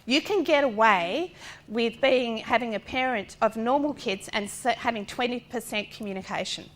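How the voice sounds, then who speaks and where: A woman's voice: a little high, moderate pace. A middle-aged woman gives a lecture talk as a parent of a child with a disability. She speaks directly, asks rhetorical questions and acts out what other people said. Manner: animated, acting out other people's lines. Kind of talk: lecture talk drawn from personal experience.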